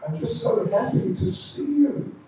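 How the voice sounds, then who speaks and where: Guy doing high tearful young queen, insisting she's happy, far off in echoey hall. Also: unhurried, dark tone, slight background noise. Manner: insisting, overjoyed denials.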